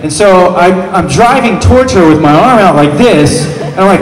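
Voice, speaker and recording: A man telling a comic story to a live audience as a panel guest, animated and drawing out dramatic pauses. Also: sits high, distant mic. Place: large event hall with an audience. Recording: roomy hall echo, voice off-mic, faint noise.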